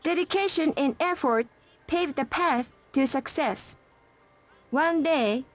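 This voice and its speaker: An actress playing an eccentric young woman in a dubbed game, halting and stilted as she rehearses lines. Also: high voice, soft background music. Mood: odd stilted.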